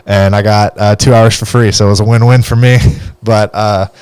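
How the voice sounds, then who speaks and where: A young man with a low, smooth, resonant voice tells stories in a relaxed podcast chat and laughs often along the way. He is recorded close and dry, with no room sound. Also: normal speed, no room sound. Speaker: podcast host. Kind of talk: casual storytelling.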